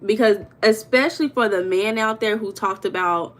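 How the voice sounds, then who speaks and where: A woman's voice: mid-range voice, moderate pace, few pauses. Chatty young woman livestreaming. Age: young adult. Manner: chatty, greets viewers by name, animated storytelling. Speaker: livestream host. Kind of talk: casual livestream chat.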